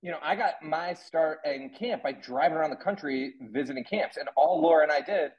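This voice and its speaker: A young man hosting a podcast. He is excitable and swears a lot, and his speech is full of fillers. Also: a little high, a little fast, muffled recording. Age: young adult. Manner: excitable and profane, hedges with fillers. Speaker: podcast host. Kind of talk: casual podcast conversation.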